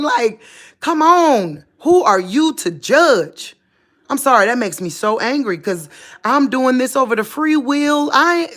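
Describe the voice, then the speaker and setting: A woman giving an unscripted spiritual monologue to her viewers in an impassioned, preachy way, speaking straight to them. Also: fairly high pitch. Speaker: religious vlogger.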